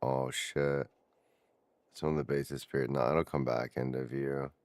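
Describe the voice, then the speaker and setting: A man's voice: extremely low pitch, steady tone, unhurried, dry recording. A man streaming a game, chatting casually with viewers and swearing offhand as he plays. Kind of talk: casual gameplay commentary.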